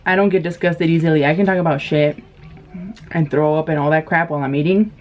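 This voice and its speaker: A woman in her thirties chats and tells stories as she eats on camera, talking loosely with lots of fillers and easy laughs. Her voice sits fairly low. The sound is dull and lo-fi with a faint hiss behind her. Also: fairly even intonation, quick pace, darkish tone. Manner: chatty, laughs often, many fillers. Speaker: mukbang vlogger. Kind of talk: casual storytelling while eating.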